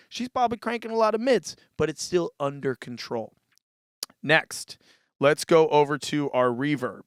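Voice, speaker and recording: High-ish male voice, captured with no room sound and clean studio quality. The speaker, a music tutorial host, gives a casual instructional demo on a live mixer via a vocal mic, talking loosely, relaxed in manner, using his voice to demonstrate and saying "dude" a lot.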